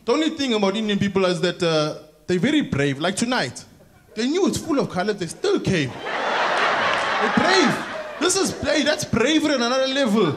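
A South African man from Durban doing a stand-up comedy set in a theatre, animated and slipping into mimicked voices. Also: sits high, normal speed. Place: large theatre stage. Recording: live theatre with audible crowd noise. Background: audience laughter.

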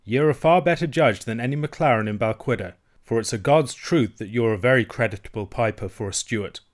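A man voicing a bold, boastful adult Highland piper in an audiobook reading, speaking with cool, challenging confidence. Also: fast, lightly acted. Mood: needling. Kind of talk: audiobook character voice.

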